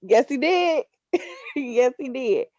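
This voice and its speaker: A woman's voice: sits high, animated, slow pace, mellow, no room sound. A woman guest chatting casually about her nephew, laughing as she talks. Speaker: podcast guest, aunt. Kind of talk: casual chat. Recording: dry, slightly lo-fi.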